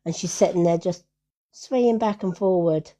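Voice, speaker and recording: A woman's voice: on the low side, normal speed. Woman, card reader, spinning a chatty anecdote on a live stream. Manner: animated anecdote telling with repeated "I says". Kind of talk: casual storytelling on a livestream.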